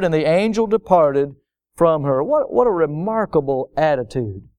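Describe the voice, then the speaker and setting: A man's voice: a little high, sing-song, moderate pace, darkish tone. A middle-aged man preaching a sermon as pastor, building to emphatic, impassioned peaks.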